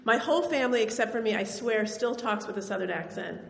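A woman's voice: on the high side, animated, fast, creaky. A woman from Tennessee telling a personal story on stage, in a conversational, wry way with bits of laughter. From Tennessee, US South. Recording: roomy hall reverb.

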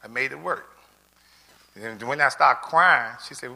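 Tearful man with a very bright voice. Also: mid-range voice, a little slow, creaky, long pauses. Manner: earnest, rambling, with many restarts. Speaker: adult learner giving a testimonial. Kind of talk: heartfelt personal testimony speech.

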